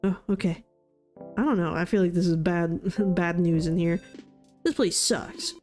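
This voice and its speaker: A woman's voice: fairly low pitch, unhurried, darkish tone. A woman VTuber playing through a game, reading its text aloud with sarcastic, self-deprecating jokes. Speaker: VTuber streamer. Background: faint game music.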